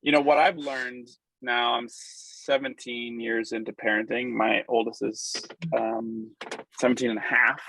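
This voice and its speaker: Gravelly-voiced male podcast host. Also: mid-range voice, little pitch movement, a little slow, sharp tone, no room sound, rough recording. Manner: enthusiastic, thoughtful. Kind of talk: casual interview talk.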